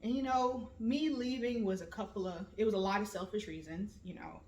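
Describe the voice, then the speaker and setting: A woman in her late thirties talks through a casual personal monologue at a middle pitch. Her storytelling is lively, and she slips into other voices when she quotes family members. The room around her gives a noticeable echo. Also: brisk. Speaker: vlog host. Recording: roomy echo.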